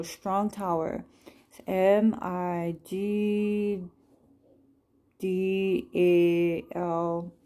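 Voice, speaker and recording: Woman, low-ish mellow voice; casual devotional chat, reads prayers slowly and gently. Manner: gentle, apologetic, laughs at herself. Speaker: Christian vlogger sharing scripture cards.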